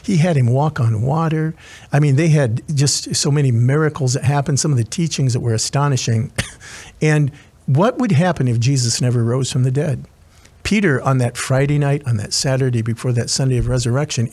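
Husky-voiced male chaplain preaching. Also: mid-range voice, darkish tone. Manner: earnest storytelling, many restarts and asides. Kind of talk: sermon.

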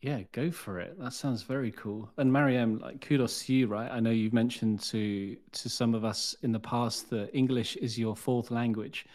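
A man's voice: mid-range voice, steady tone, moderate pace, few pauses, a little mellow. A man hosting an online community session, talking in an upbeat, encouraging way. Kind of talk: live community talk.

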